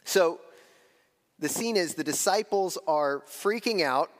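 A man preaching a sermon as pastor, talking in a conversational way, with slow, weighty phrases broken up by quick asides. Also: a little high, lively intonation, in a large hall.

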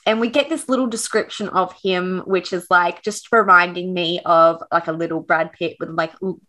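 A woman's voice: on the low side, steady tone, normal speed, sharp tone. A woman co-hosting a podcast, chatting casually about a book, laughing often and swearing freely. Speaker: podcast co-host.

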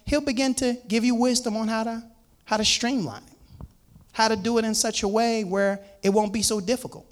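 A man's voice: high-pitched, steady tone, normal speed. A man preaching a sermon, reading scripture aloud and explaining it to his listeners. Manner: reads scripture aloud and comments on it; repeats words and restarts, addresses listeners as "man".

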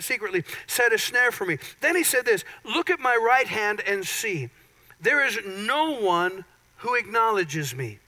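A man's voice: high voice, bright, forceful tone, poor audio. A man preaching a sermon as pastor at a church, mixing playful self-deprecating asides with scripture reading. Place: church sanctuary.

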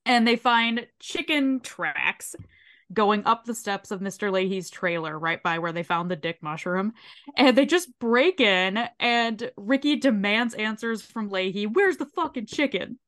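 A woman with a sore throat, co-hosting a podcast and recapping a show in an animated, swearing retelling. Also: medium pitch, unhurried. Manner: animated, swears freely, briefly mimics characters while retelling. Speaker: podcast co-host. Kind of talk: casual chat recapping a show.

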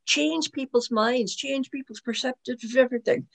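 A woman retells Bible stories in a casual chat, lively and emphatic, often stumbling over repeated words. Her voice has a gravelly fry to it. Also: high voice, normal speed. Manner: animated storyteller, repeats words. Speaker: co-host of a Bible discussion.

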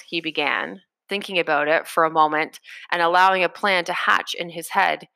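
A woman narrating a chapter of a novel in a steady storytelling manner. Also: on the low side, normal speed, vocal fry, few pauses, no room sound. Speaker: audiobook narrator. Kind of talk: scripted narration.

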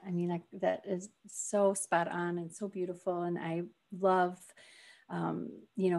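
A woman's voice: on the low side, a little mellow. A woman hosting a podcast, affirming her guest in a casual conversational interview. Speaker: podcast host.

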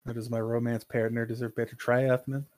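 A man's voice: medium pitch, flat delivery, a little fast, darkish tone, dry recording, studio quality. A man hosting a casual gaming podcast, rambling and joking and swearing freely. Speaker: podcast host.

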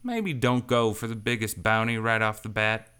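A man's voice: fairly low pitch, animated, sharp tone, clear, resonant tone, pitched above the performer's own voice. Cool, drawling outlaw queen, teasing and amused, as a male narrator puts her on. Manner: drawling frontier talk, slow and teasing. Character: swaggering woman outlaw leader, cool and amused.

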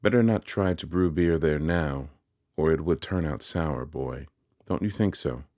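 A man's voice: a bass voice, a little slow, darkish tone, no room sound, studio quality. A man voicing a proud, cool young woman who speaks in a curt, dismissive way. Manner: haughty and dismissive.

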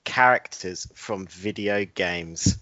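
A man's voice: sits low, slow, bright, forceful tone, no room sound, lo-fi sound. A young man co-hosting a podcast, joking and teasing his partner. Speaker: podcast co-host. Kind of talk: casual podcast chat.

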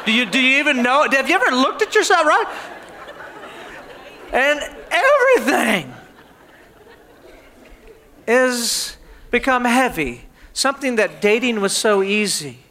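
A man's voice: extremely high pitch, big pitch swings, unhurried, long pauses, pushed and bright, a faint crowd. A man preaching a sermon with humor, acting out everyday household scenes as he tells them. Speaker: pastor.

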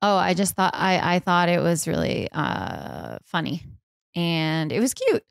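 A woman's voice: fairly low pitch, sing-song, unhurried, vocal fry, dry recording. Teasing woman with dry delivery. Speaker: podcast co-host. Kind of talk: casual podcast banter.

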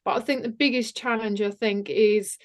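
A woman coach speaks earnestly as a podcast guest and doubles up her words for emphasis. Her voice sits a little high. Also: steady tone, moderate pace. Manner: earnest and emphatic, repeats phrases for stress. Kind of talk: casual interview chat.

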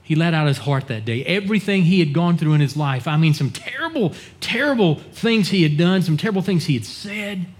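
A man's voice: lively intonation, fairly quick, hardly any pauses. A man preaching as a pastor, telling a story in an earnest manner and acting out the people he quotes. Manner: earnest, acts out quoted dialogue in a lowered voice. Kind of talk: sermon storytelling.

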